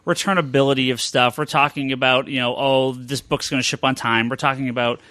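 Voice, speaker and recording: A man hosting a casual podcast chat, talking shop as a comic book retailer and rambling with lots of filler pauses. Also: mid-range voice, fairly even intonation, pushed and bright, no room sound.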